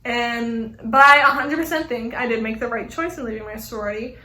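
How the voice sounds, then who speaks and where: A young woman with a high, bright voice chats frankly to her camera, rambling and peppering her talk with fillers. The small room gives her voice a noticeable echo. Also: fairly quick. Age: young adult. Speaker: vlogger. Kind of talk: casual chat to camera. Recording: echoey room.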